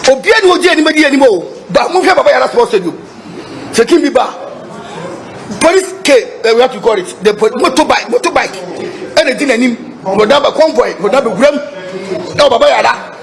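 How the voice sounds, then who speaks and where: A Ghanaian-accented man addresses reporters on behalf of football club supporters, his very high voice brisk and lively in intonation, with vocal fry. He is emphatic, repeats himself, and switches back and forth between Twi and English.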